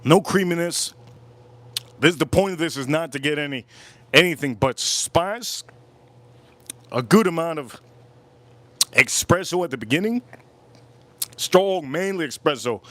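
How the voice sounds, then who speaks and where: Guy on a live stream tasting a cigar and whiskey, hyped, keeps laughing, kinda high voice. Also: fairly bright tone. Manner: enthusiastic, laughs often, repeats himself. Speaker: livestream cigar and whiskey reviewer. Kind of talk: casual live review.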